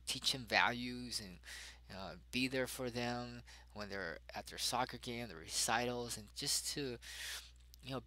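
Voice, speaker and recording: A young adult man, a father, telling a personal story in a halting way, full of fillers and restarts. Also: mid-range voice, bright, forceful tone, dry recording, low-quality recording.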